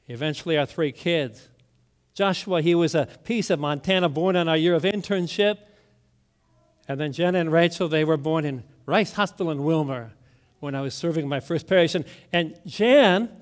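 A middle-aged pastor with a fairly high voice delivers a story-driven sermon. He lets key words fall soft and quiet for weight, then lifts again. The delivery is steady and personal. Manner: storytelling preacher, drops to a hushed voice on key words.

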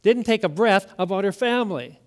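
High-voiced pastor preaching in hushed swells. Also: male voice, lively intonation, fairly quick. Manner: storytelling preacher, drops to a hushed voice on key words. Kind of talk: sermon.

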